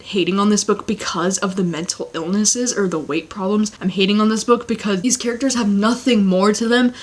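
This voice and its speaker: A woman's voice: mid-range voice, steady tone, brisk. A young woman giving a casual, blunt book review rant, swearing often and sounding exasperated. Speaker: book vlogger.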